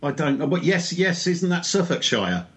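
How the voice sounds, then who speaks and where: A man's voice: on the high side, very animated, normal speed, fairly bright tone, husky. A male guest, a psychic medium from England, chatting in a jokey, self-deprecating way. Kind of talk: casual chat.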